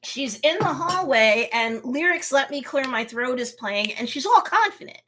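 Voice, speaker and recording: A woman hosting a casual live review of a TV episode, recapping scenes in a lively way, acting out the characters' reactions, and slipping into motherly advice. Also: sits high, moderate pace, a little hiss or hum. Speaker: host and TV reviewer.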